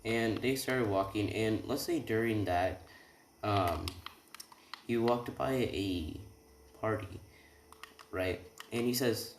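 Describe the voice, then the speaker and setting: Making up fan fiction on the fly, a young man rambles and corrects himself, leaning heavily on "he's like." His voice is on the low side; he takes it slowly and pauses often. The roomy recording has keyboard clicks plus a little hiss or hum.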